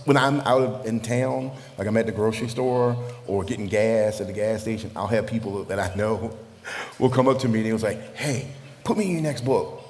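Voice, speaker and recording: A man's voice: fairly low pitch, fairly even intonation, normal speed. A man from the southern United States, an author on a panel, joking and laughing often as he talks. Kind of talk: panel talk. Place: live event venue. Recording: reverberant hall with faint noise.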